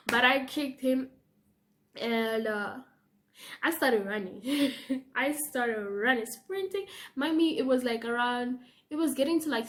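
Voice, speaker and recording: A young woman with a South African accent, telling a storytime vlog in an animated way, laughing and acting out the people she quotes. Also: a little high. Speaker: YouTuber.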